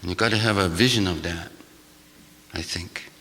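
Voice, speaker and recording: An older man, a shaman, giving a sermon-like talk to a gathering in a church, with a rhythmic, repetitive cadence that swings from loud to hushed and wry, laughing asides. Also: sits low, normal speed. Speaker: shaman speaker. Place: church hall. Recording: long hall reverb.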